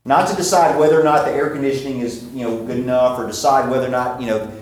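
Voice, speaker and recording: A man preaching a sermon, asking questions and answering them himself, slowing down to stress key points. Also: medium pitch, fairly even intonation. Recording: very echoey hall.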